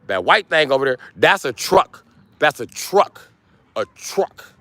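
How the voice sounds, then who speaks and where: A man's voice: medium pitch, sing-song, a little slow, gravelly, pushed and bright, dry recording. Brash, taunting man ranting on a stream. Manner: brash, crude, taunting, repeats for emphasis. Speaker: livestreamer. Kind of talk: live stream rant to chat.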